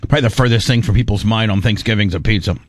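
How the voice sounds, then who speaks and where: A man's voice: on the low side, very fast, no echo, clean studio sound. A man co-hosting a radio show, chatting casually in a rambling, joking way with lots of restarts. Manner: rambling, jokey, trailing restarts. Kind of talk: casual studio banter.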